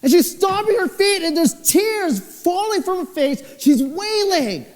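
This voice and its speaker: A young man, a pastor, preaching a sermon with expressive storytelling, his voice swinging low and high. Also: unhurried. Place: church hall. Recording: church hall with long reverb.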